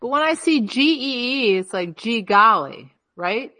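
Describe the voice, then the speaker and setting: A woman's voice: on the high side, animated, moderate pace. A woman co-hosting a podcast in casual chat, musing aloud and questioning herself as she goes. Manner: musing, wandering, self-questioning. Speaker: podcast co-host.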